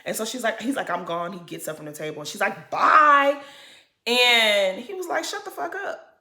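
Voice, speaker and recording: A woman's voice: mid-range voice, lively intonation, a little fast, sharp tone. A woman talks through a reality show episode in a casual, outspoken way. She jumps in and out of the cast's lines as she tells it, and her voice carries a noticeable echo from the room. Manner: blunt, opinionated, acts out quotes of the cast. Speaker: reality show recap commentator. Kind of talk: casual recap commentary.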